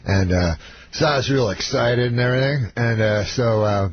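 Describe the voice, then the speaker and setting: Deadpan canadian guy rambling a story, lots of uhs, dull lo-fi radio sound, hissy. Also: mid-range voice. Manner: deadpan, halting, lots of fillers. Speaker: comedian guest.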